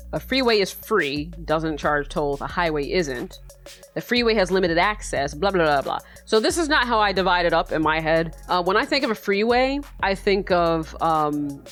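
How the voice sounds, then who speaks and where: A young American woman giving casual, sarcastic commentary while she takes an online quiz, swearing freely and laughing often. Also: on the low side. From United States. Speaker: YouTuber.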